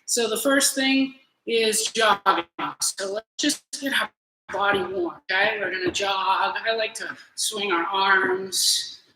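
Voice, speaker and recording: A woman leading a virtual beginner gymnastics class, encouraging kids through warm-up drills, out of breath as she goes. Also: mid-range voice, slow. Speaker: gymnastics coach. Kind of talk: virtual fitness class instruction. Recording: very echoey room, faint noise.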